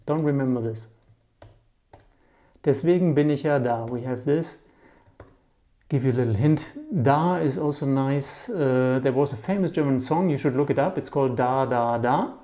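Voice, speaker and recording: A man whose voice sits in the mid range teaches German words casually and conversationally. He leans on mnemonic tricks to explain them and keeps tossing in a brief "yeah?" to check on his listeners.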